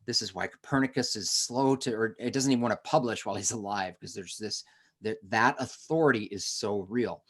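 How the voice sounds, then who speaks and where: A man's voice: on the low side, a little fast, fairly bright tone. A man teaching a history lesson in a conversational way, with asides and self-corrections. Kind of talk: lesson on a recorded webinar.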